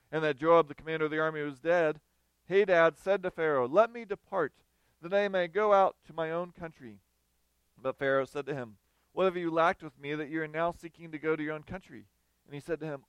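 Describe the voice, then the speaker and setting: A man preaching a sermon, reading scripture, then explaining it in a lively, conversational way. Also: fairly high pitch, smooth, no echo. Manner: animated, conversational, acts out quoted voices.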